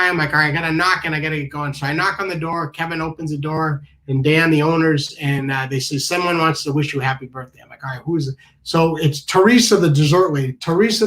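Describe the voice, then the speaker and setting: Rambling storyteller man with a higher voice. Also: low-quality recording. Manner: rambling, with many restarts and asides. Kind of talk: casual comic storytelling.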